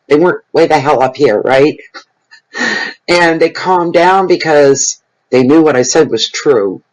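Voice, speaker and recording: A man's voice: a little high, low-quality recording. A middle-aged man giving a general tarot reading to camera, talking frankly and bluntly in a loose, conversational way. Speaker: tarot reader.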